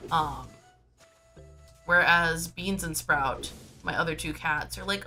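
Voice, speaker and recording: A woman talks to her stream from home in a loose, rambling way, stopping and restarting her sentences. Her voice sits a little low but has a bright, forceful edge. Faint music plays behind her. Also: fairly even intonation, measured pace. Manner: rambling, chatty, full of "um" and "like" and restarts. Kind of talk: casual chatty livestream talk.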